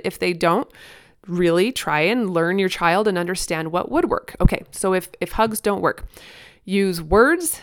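Woman podcast host, smooth clear voice, fairly low pitch, earnest and encouraging. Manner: earnest and encouraging, conversational with fillers. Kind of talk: solo podcast advice talk.

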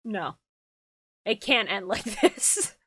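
A woman's voice: mid-range voice, sing-song, takes it slowly, fairly bright tone, husky, no echo. A young woman co-hosting a podcast in casual chat, sardonic and sweary. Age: young adult. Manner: sardonic, swearing, laughs easily. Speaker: podcast co-host.

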